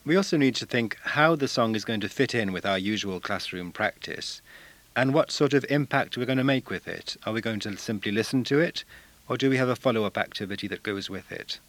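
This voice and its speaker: A male language teacher giving a measured, explanatory talk on using songs in class, now and then singing short examples. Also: lowish voice, expressive, a bit bright, no echo.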